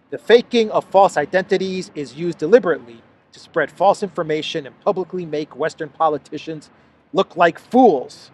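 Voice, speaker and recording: A man's voice: a little high, a little hiss or hum. Sarcastic male political commentator. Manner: sarcastic, mocking, with frequent restarts; reads news excerpts aloud before commenting.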